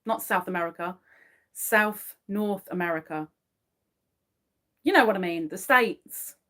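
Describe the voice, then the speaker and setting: Casual crochet streamer: woman, mid-pitched, slow and chatty, counts stitches quietly. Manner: chatty, murmurs stitch counts under her breath. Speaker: crochet livestream host. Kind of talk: casual chat to a live audience while crocheting.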